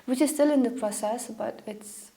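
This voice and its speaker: A young woman from Meghalaya, India, talking as an interview guest about her own life. Her voice sits a little high but sounds dark and mellow, and she tells her stories with feeling, acting out the lines people said. The talk is loose and conversational. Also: normal speed, slight background noise. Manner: emotional, animated storytelling with acted-out quotes. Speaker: guest, pageant contestant. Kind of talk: conversational interview, personal storytelling.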